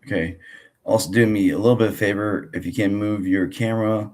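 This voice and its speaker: Deep-voiced hoarse man hosting a podcast. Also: fairly even intonation, brisk, darkish tone. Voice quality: froggy, gravelly. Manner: rambling, with many fillers and restarts. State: hoarse from a cold. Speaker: podcast host. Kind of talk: casual podcast chat.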